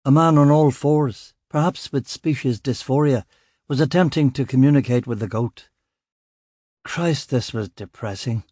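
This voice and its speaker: A man's voice: mid-range voice, unhurried, dark tone, no echo. Dry sardonic male narrator. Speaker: audiobook narrator. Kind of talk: first-person scripted narration.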